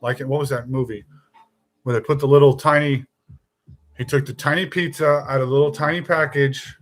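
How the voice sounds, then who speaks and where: A man's voice: medium pitch, steady tone, brisk. A man hosting a casual live-stream podcast, talking in a rambling, emphatic way with jokes and mild swearing. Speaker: podcast host.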